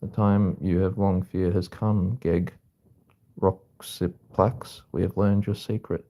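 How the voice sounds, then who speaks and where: A man reading aloud as a stern male officer from a far-future race of humans, in a formal, measured way. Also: low voice, level tone, dark tone.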